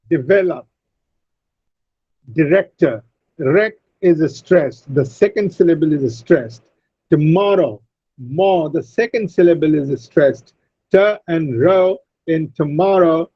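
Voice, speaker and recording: A man lectures slowly in a high, husky voice, repeating words and pausing on fillers. The sound is dry and close, carried over a dull video-call line. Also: dry recording. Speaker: teacher. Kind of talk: online English phonetics lecture.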